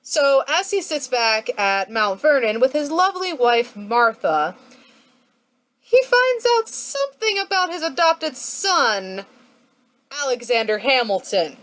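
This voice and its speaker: A woman narrates history as a casual comic vlog into a home webcam mic. Her pitch sits a little high and swings widely, and she talks slowly. She plays it for laughs and slips into silly voices for the people she quotes. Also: fairly bright tone. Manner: playful, jokey, acts out quotes in silly voices. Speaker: history vlogger.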